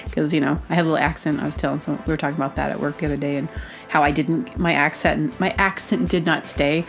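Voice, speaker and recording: A woman's voice: low voice, fairly even intonation, fairly quick, creaky, soft background music. A woman from Arkansas hosting a podcast, talking in a chatty, rambling way with frequent laughs. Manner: chatty, digressive, laughs often. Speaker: podcast host; baker. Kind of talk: casual rambling monologue.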